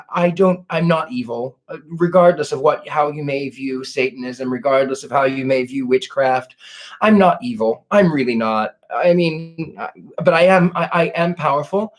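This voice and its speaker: A man, a psychic, hosting a live question-and-answer chat in a genteel, effusive way. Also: a little high.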